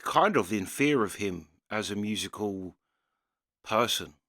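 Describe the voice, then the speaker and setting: A man's voice: lowish voice, animated, measured pace, a bit bright, no echo, clean studio sound. A man hosting a reaction video, musing casually and hesitantly with restarts. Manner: thinking aloud, hesitant, restarting sentences. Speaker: reaction channel host. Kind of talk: casual commentary.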